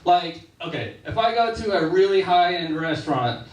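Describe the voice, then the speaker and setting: A male stand-up comedian tells his jokes in a loose, conversational way. His voice sits high for a man. The sound is echoey and a little distant, with faint room noise behind. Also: animated, moderate pace. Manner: conversational, storytelling. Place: comedy club stage. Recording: echoey club room, slightly off-mic.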